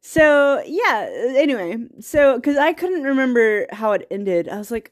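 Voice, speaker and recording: A woman's voice: a little high, animated, normal speed. A young woman eagerly retelling a film's plot in casual, rambling talk, laughing often and getting teary. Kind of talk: casual movie recap.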